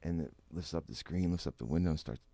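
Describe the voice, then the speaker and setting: Gravelly low-voiced man telling a story. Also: quick pace, no echo. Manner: animated storyteller, acts out quotes, laughs often. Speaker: interview guest. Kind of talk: casual storytelling.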